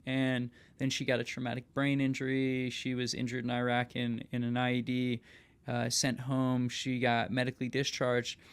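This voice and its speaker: A man's voice: medium pitch, monotone, moderate pace, clean tone. A young adult man, a podcast host, telling a personal story in casual conversation, earnest and often asking "right?".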